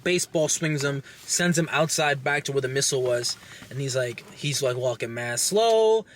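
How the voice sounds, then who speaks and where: A young man casually recapping a movie plot with lots of swearing, animated and acting out lines. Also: mid-range voice, normal speed, slight background noise. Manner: animated, profane, acts out characters' lines. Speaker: podcast host reviewing a movie.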